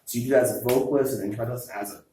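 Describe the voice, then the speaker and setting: A man's voice: mid-range voice, fairly even intonation, very fast, mellow, a little hiss or hum. A young man singer giving earnest coaching advice in casual chat. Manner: earnest, coaching, uses sports comparisons. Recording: echoey room, distant mic.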